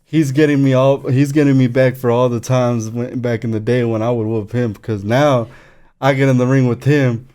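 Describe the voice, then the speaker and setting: A man's voice: mid-range voice, steady tone, moderate pace, warm tone. A male boxer talking casually on a podcast, telling rambling stories about sparring. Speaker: guest boxer.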